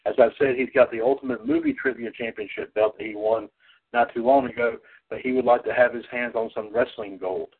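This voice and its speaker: A man hosting a wrestling call-in podcast, rambling with many restarts and repeated "ladies and gentlemen". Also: medium pitch, very animated, a little fast, creaky, husky. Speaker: podcast host. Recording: tinny phone-line audio.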